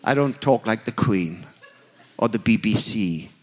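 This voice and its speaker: Animated Northern English preacher man. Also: fairly low pitch, unhurried. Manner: humorous, animated, emphatic, self-mocking. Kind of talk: storytelling sermon.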